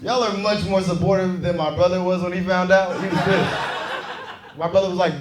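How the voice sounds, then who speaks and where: Brief: young adult man, comedian, high pitch, teasing and profane; live club room, audience laughing. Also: steady tone, brisk. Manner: brash, profane, crowd-teasing. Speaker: stand-up comedian. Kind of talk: stand-up set. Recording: roomy club sound with crowd laughter.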